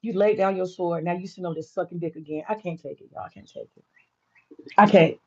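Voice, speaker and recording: A woman's voice: lowish voice, rapid-fire, warm tone, husky, muffled recording. An American woman livestreaming to her viewers, ranting in a heated, profane, repetitive way. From United States. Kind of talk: casual livestream rant.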